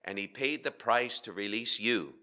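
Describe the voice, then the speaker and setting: Bright-voiced preacher with dramatic pauses. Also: male voice, lowish voice. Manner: dramatic pauses, rhetorical questions, swings from loud to hushed. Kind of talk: sermon. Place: church.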